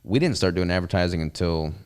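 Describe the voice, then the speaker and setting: Deep-voiced Southern man chatting casually. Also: expressive, a little fast, a little mellow, clean tone. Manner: easygoing, rambling with fillers. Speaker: podcast host and business owner. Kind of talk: casual chat.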